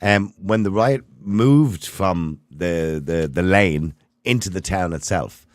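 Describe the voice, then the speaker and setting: A man's voice: sits low, takes it slowly, no echo, studio quality. An Irish man hosting a phone-in talk show, who questions his callers and pushes back on what they say. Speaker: radio phone-in host.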